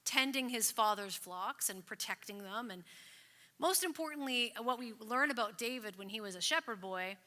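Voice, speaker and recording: A woman pastor preaching at a livestreamed church service, chatty and playful, and slowing down when she reads scripture. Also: on the high side, lively intonation, sharp tone. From Canada. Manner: conversational and playful, reading scripture slowly. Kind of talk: sermon.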